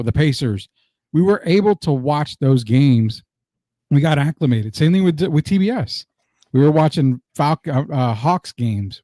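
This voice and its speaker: Male sports talk host, mellow tone, rambling casual delivery, dry close mic. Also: mid-range voice, no echo. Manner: rambling, reminiscing, many "you know" fillers.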